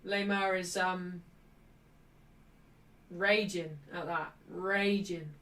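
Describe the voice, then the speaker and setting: A woman hosting a live football watchalong, chatting cheekily and shouting out at refereeing calls. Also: lowish voice, fairly even intonation, drawn-out words, distant mic. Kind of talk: live match watchalong commentary.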